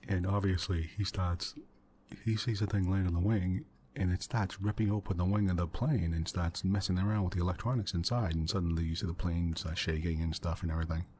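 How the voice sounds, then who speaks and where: Deep, quiet rambling man, soft-spoken ASMR. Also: fairly even intonation, fairly quick, slight background noise. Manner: quiet, rambling, chuckling storyteller. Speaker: ASMR gaming channel host. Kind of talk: soft-spoken ASMR let's play chat.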